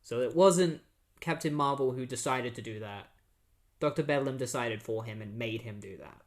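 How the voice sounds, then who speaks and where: A man's voice: medium pitch, moderate pace. Easygoing young man recapping comics. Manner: rambling, filler-heavy, easygoing. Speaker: podcast host. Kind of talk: casual comic book recap.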